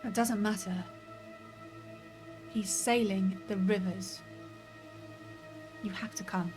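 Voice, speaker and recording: A woman's voice: mid-range voice, fairly even intonation, slow pace, music in the background, close to an everyday voice. A woman reading the lines of an earnest older male scholar in a story game, with only a slight intonation.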